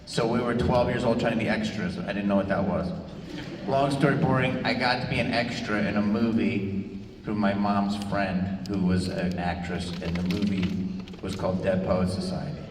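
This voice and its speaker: A man, a comedian and panel guest, telling quick joking stories to a convention audience. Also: lowish voice. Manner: quick joking asides, animated punchlines. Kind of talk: casual panel storytelling. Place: large convention hall panel. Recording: echoey convention hall from far off with noise.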